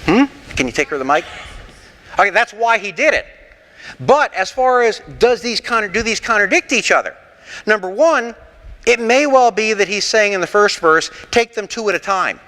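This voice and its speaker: A man leading an interactive sermon class, animated and rhetorical with a sarcastic streak, taking questions from the room in a church. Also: high-pitched, moderate pace, big-room sound. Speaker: pastor teaching a Bible class.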